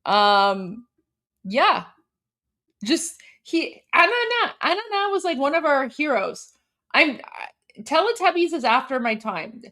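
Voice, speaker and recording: A woman's voice: sits high, very animated, slow, pushed and bright. A woman in her forties from Canada, hosting a live stream in a bubbly, chatty way with frequent laughter. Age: 40s. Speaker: livestream host. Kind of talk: casual live-stream chat.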